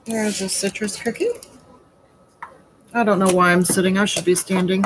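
A chatty woman hosts a live baking demo from home, asking rhetorical questions and calling viewers honey and sweetie. Her mid-range voice moves at a moderate pace over a noisy background.

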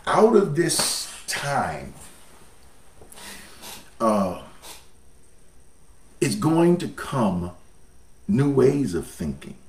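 A man's voice: mid-range voice, wildly swooping pitch, drawn-out words, long pauses, a little mellow, echoey room, distant mic, a little hiss or hum. A man preaching a sermon as pastor, folksy, his voice swelling up and dropping down.

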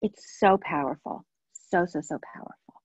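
A woman's voice: on the low side, moderate pace, husky, dry recording. A woman speaking at a professional webinar, telling a personal story from her time as a parent and turning it into advice, earnest and given to repeating phrases. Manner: earnest storytelling, with repetitions and soft trailing asides.

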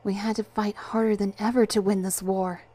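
Woman, storybook narration, first-person, measured, steady, mid-pitched voice. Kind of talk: storybook reading.

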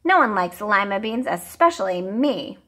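A woman voicing a stubborn young girl in a storybook read-aloud, speaking high and excited. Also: moderate pace. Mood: defiant.

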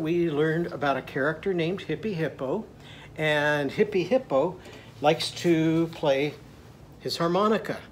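A man with a slightly high voice teaches a children's phonics lesson, unhurried and deliberate. He talks in a playful, sing-song way and leads call-and-response chants. A faint low rumble sits under the recording. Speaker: literacy teacher.

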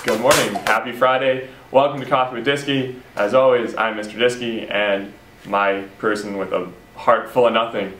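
A man's voice: medium pitch, steady tone, normal speed, fairly bright tone, faint music behind. Wry lecturing male host. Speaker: host of school segment. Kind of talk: comic advice segment. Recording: echoey room.

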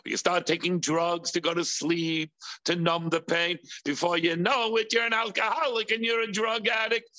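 A man preaching a sermon, asking rhetorical questions with emphasis. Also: bright, forceful tone. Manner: acts out impulsive voices in a high whiny pitch. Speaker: rabbi teaching.

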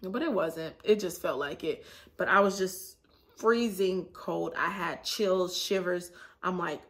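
A woman, chatting casually in a vlog with a sore throat, animated and laughing often. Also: lowish voice, measured pace. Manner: animated, laughs often, acts out her own reactions. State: sore throat after a cold. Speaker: vlogger.

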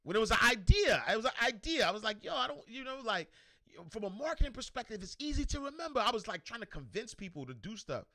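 High-voiced, energetic man hosting a livestream. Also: fast, no room sound, studio quality. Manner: animated, repetitive, slangy, shouts out viewers. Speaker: show host. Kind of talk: motivational livestream talk.

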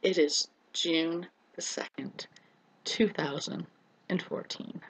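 A middle-aged woman with a lowish, breathy voice shares her own story in an earnest personal vlog, talking slowly and fairly evenly. She addresses her viewers as friends and repeats words for emphasis. The recording quality is low.

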